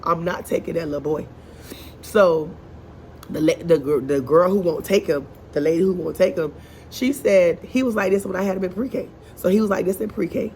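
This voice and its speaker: A woman's voice: fairly low pitch, a little mellow, slight background noise. A woman, a first grade teacher, venting in a casual vlog in her classroom. She talks in an exasperated, chatty way with many asides and sounds congested and short of breath.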